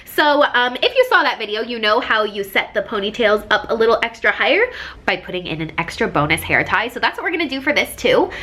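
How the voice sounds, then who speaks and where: A woman's voice: on the high side, fairly bright tone. A young adult woman chatting through a casual hair tutorial vlog, bubbly and full of side notes and self-mocking jokes, recorded by a camera on a tripod. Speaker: vlogger.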